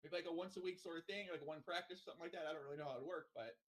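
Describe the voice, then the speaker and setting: Male podcast co-host, fast and high, joking banter. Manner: joking, excitable, swears freely. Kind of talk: casual podcast chat.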